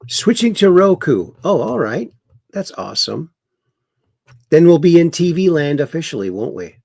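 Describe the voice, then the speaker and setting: A man's voice: a little high, big pitch swings, normal speed, gravelly, dark tone, husky, no room sound, studio quality. A man hosting a livestream, reading viewer chat aloud and mocking the news with chuckles. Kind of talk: casual political commentary livestream. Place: home in Wisconsin.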